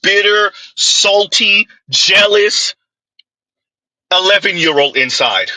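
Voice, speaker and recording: A man's voice: high voice, lively intonation, slow, pushed and bright, dry recording, poor audio. A man giving a mocking opinion commentary, full of rhetorical asides and scornful dismissals. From United States.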